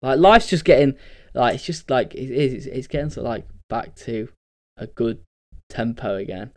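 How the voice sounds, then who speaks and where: A man's voice: medium pitch, normal speed, dry recording, clean studio sound. A man hosting a casual solo podcast, rambling and sweary, ranting in bursts. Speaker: podcast host.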